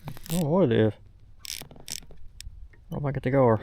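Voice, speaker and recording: A man's voice: medium pitch, animated, measured pace, vocal fry, pauses often, mellow. Man vlogging from a kayak. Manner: plainspoken, drawling, lots of "uh" fillers. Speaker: fishing vlogger. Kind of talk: casual outdoor vlog narration. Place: outdoors on a kayak on the water. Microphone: camera mounted on the kayak.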